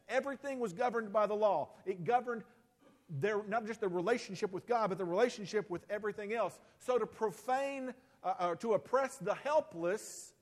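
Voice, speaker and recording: A man preaching a sermon, speaking deliberately and repeating phrases for emphasis. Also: high-pitched.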